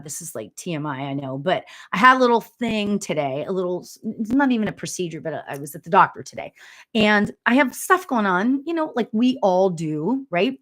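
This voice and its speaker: A middle-aged woman giving a live spiritual reading, chatty and giggly, full of fillers and quick asides, sometimes dropping to a whisper. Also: mid-range voice, fairly bright tone. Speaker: spiritual medium. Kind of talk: live reading, casual chat.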